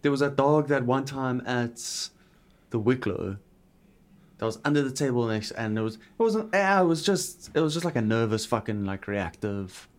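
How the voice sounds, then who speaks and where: A man co-hosting a podcast in casual chat, swearing often and agreeing loudly with his friend. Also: mid-range voice, lively intonation, normal speed. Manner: swears often, agrees a lot with "bro, a hundred percent". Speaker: podcast co-host.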